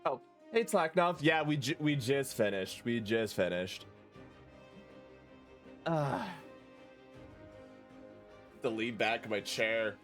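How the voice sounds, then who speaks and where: A man's voice: medium pitch, fairly bright tone. A man streaming a video game, chatting casually, swearing and laughing as he talks. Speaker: gaming streamer. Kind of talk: casual let's-play chat.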